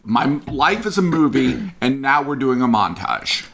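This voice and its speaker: A man co-hosting a podcast in casual chat, excitable, with quick asides and exclamations. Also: medium pitch, gravelly, a little hiss or hum. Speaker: podcast co-host.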